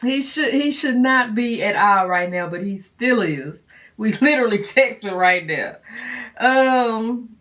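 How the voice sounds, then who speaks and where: A woman's voice: on the high side, animated, measured pace, a bit bright, recorded from a distance. Lady in her 40s doing a q&a vlog, chatty and candid, lots of laughing and storytelling. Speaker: vlogger. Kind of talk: casual Q&A chat.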